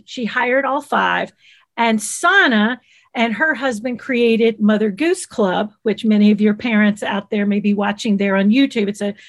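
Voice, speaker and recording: A middle-aged woman who creates children's TV appears as a guest in a casual interview, telling her story in a warm Southern US accent. Her voice sits a bit high, and her delivery is lively and animated, with quick impressions of the people she quotes.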